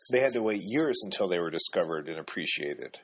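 A man narrating a novel in a measured, even storytelling manner. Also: deep voice, slightly rough. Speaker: audiobook narrator. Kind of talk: scripted narration.

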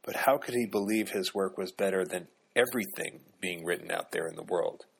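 A man narrating a novel in a measured, even storytelling manner. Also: low voice, creaky, slight background noise. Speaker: audiobook narrator. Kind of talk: scripted narration.

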